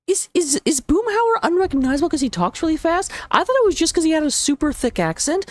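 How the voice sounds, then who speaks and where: A woman casting a live esports match, talking rapidly and excitably with a playful, jokey manner. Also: extremely high pitch, no room sound. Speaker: esports caster. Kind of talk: live game commentary on a stream.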